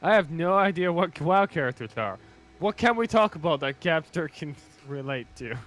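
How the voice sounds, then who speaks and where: A man chatting casually and joking while streaming a co-op game, swearing freely and cutting in with loud bursts. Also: fairly high pitch, animated, moderate pace. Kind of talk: casual gaming chat.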